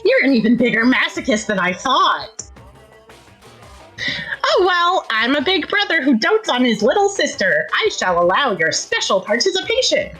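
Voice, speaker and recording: Woman putting on a high taunting bear mascot. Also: sing-song, normal speed, sharp tone, faint music behind, exaggerated voice, poor audio. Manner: taunting, theatrical.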